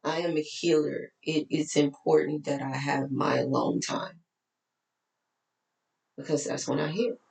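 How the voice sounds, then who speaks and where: A woman's voice: low voice, steady tone, a little slow, vocal fry, long pauses, darkish tone, reverberant, low-quality recording. A woman life coach with a Texas accent, talking candidly to her followers in a tired voice that keeps cracking. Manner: candid, chatty, preachy asides. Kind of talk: casual talk to followers.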